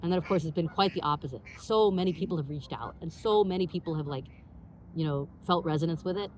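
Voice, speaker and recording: Fast-talking woman telling a personal story. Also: low voice, slight background noise. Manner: animated, full of "like" fillers and acted-out dialogue. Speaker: podcast host.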